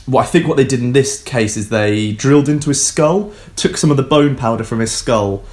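On a casual science podcast, a male co-host with a mid-range voice talks a little fast. He explains things loosely, cracking jokes, with lots of ums and restarts in a relaxed manner.

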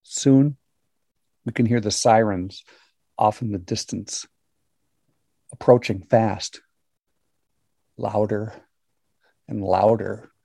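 Slow, measured older man telling a story. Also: on the low side, fairly even intonation, creaky, mellow, no echo, clean studio sound. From Minnesota. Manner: measured, dramatic present-tense telling with long pauses. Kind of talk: personal story told to an audience.

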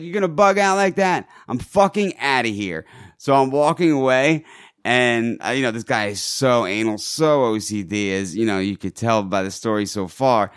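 A man tells a crude, lively story in casual conversation, swearing freely and shouting out the quoted lines. His voice sits in a middle register. The sound is dry and close to the mic. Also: medium pitch, clean tone, no room sound. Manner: profane, animated, acts out shouting in quotes.

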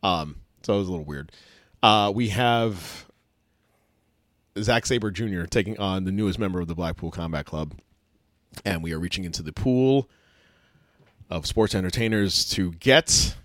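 A man co-hosting a casual chat show, excitable and halting, full of fillers and restarts. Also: low-pitched, dry recording, clean studio sound. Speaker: podcast co-host.

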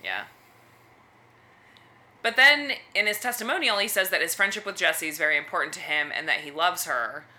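A woman co-hosting a podcast, recapping a TV episode in chatty, lively storytelling. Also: fairly low pitch, moderate pace, pauses often. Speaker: podcast co-host. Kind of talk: casual recap chat.

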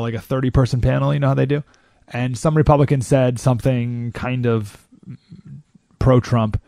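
A man hosting a talk show, delivering an animated monologue and mockingly mimicking other people. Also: medium pitch, no room sound, clean studio sound. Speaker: radio talk show host. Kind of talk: monologue commentary.

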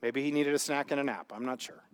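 A man's voice: mid-range voice, quick pace, smooth. A male pastor preaching a sermon in a conversational way, asking the congregation rhetorical questions. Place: church sanctuary. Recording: long hall reverb.

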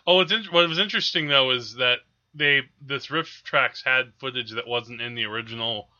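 Chatty, bright-voiced male podcast host. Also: mid-range voice, moderate pace, highs cut off. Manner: chatty, laughs often, hesitant fillers. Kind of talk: casual chat about films.

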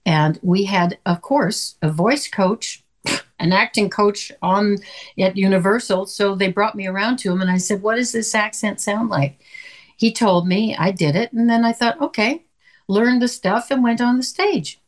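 An older woman from Canada, an actress guest chatting in an interview and telling lively stories with quoted voices. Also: mid-range voice, normal speed. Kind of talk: conversational interview.

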